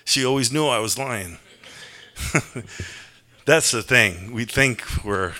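A man's voice: mid-range voice, slow pace, pushed and bright. A man from New preaching an earnest, conversational sermon, mixing scripture with personal confession. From New York. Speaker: pastor.

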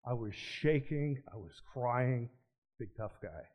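A man giving a personal testimony, telling his story earnestly and swinging between animated and hushed. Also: medium pitch, takes it slowly. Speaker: ministry speaker. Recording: dull lo-fi recording.

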